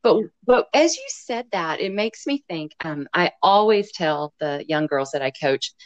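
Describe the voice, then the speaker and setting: A woman's voice: low-pitched, expressive, measured pace, dry recording. A woman from Canada who coaches runners, talking casually in a reflective, earnest way with stammering restarts. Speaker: running coach. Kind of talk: casual chat. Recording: dry, slightly dull sound.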